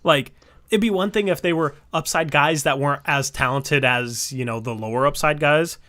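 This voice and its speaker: A man's voice: fairly high pitch, bright, forceful tone. Opinionated man debating on a sports podcast. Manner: opinionated, argues at length with quick asides. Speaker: podcast co-host. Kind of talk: casual sports podcast chat.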